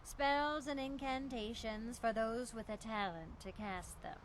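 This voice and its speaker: A woman's voice: on the high side, measured pace, slight background noise, lightly acted. An actress voicing a haughty female mage teacher who talks in a prim, defensive and formal way in a video game. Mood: flat. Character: haughty female mage teacher, touchy about her school.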